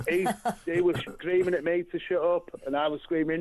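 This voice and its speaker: A man phoning in to a talk show, recounting a memory in halting bursts. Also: fairly high pitch, fairly even intonation, darkish tone. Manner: halting, amused. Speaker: caller. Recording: phone line.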